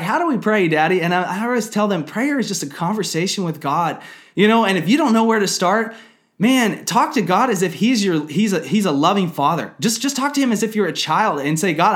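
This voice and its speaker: A man in his thirties giving an earnest, conversational sermon testimony about his family, with frequent fillers. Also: sits high. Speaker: ministry leader.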